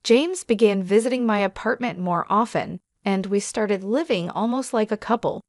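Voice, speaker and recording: A woman tells a first-person story in scripted narration, keeping a steady, measured pace. Her pitch sits in a middle range. The recording is dry and close, with no room sound. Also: no room sound.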